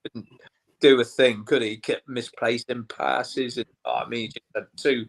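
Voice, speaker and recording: Measured man chatting about football. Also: mid-range voice, steady tone, gravelly, rough recording. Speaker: podcast guest. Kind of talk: casual football podcast chat.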